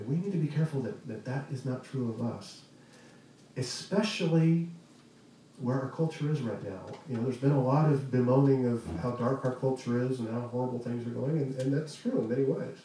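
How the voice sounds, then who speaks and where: A man preaching a conversational sermon as pastor, earnest, with pauses and restarts. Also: mid-range voice, warm tone. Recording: echoey room, distant mic, faint noise.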